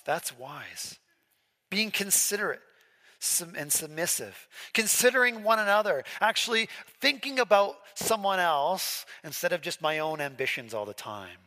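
A man's voice: on the high side, bright, forceful tone. A man preaching a sermon as pastor, in a chatty way, often asking his listeners questions. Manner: conversational, asks the congregation questions. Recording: echoey hall with long reverb.

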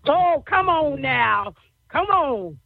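A woman's voice: sits high, big pitch swings, takes it slowly, creaky, no echo. A woman hosting a gospel radio show with exuberant energy, laughing often and repeating her catchphrases, heard over a tinny phone line.

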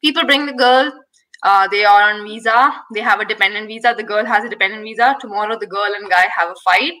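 A woman's voice: medium pitch, fast talker, sharp tone, low-quality recording. A woman co-hosting a casual chat, candid and rambling, laughing often.

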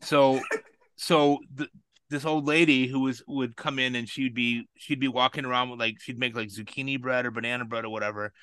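Bright-voiced man in his forties. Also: medium pitch, steady tone, moderate pace, clean tone, no room sound. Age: 40s. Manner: rambling, filler-heavy anecdote telling. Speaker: podcast storyteller. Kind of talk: casual storytelling chat.

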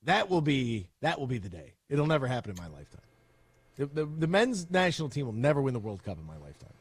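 A man's voice: mid-range voice, sing-song, husky, dry recording. A man co-hosting a sports talk show, riffing in an opinionated, joking way. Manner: opinionated, joking, rapid-fire riffs. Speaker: sports radio co-host.

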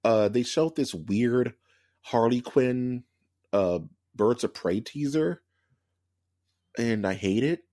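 A man's voice: mid-range voice, slow pace, pauses often, warm tone, dry recording, clean studio sound. A man co-hosting a podcast, chatting casually and ranting with strong opinions, full of fillers and restarts. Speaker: podcast co-host. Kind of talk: casual chat.

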